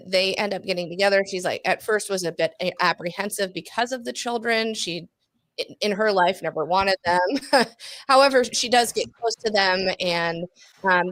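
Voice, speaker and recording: A woman's voice: medium pitch, a bit bright, no room sound. A woman on a casual podcast, rambling through a story with lots of ums and little laughs. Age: adult parent.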